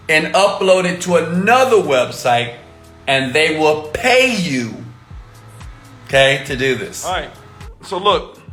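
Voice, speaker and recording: A man hosting a screen-share tutorial on making money online, hyped and playful, repeating points slowly for emphasis. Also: a little high, fairly bright tone, echoey room. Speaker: online marketing vlogger.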